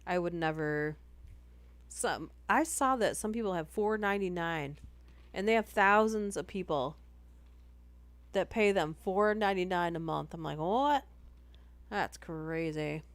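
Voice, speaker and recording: Woman, casual live-stream chat, rambling, self-interrupting, lowish voice, dry close mic. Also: a little slow, long pauses, no room sound. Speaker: horror story reader and streamer.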